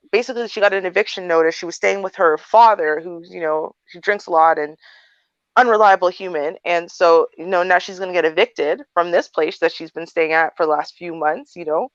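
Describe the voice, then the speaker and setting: A woman's voice: medium pitch, no echo. Woman, 30s, livestream advice host; blunt, candid storyteller, dry lo-fi sound. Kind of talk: casual storytelling chat.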